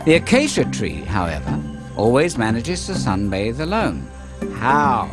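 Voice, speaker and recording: A man's voice: lowish voice, sing-song, a little slow. A man narrating a kids' wildlife program in a jokey, playful way. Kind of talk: scripted wildlife narration for kids. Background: music.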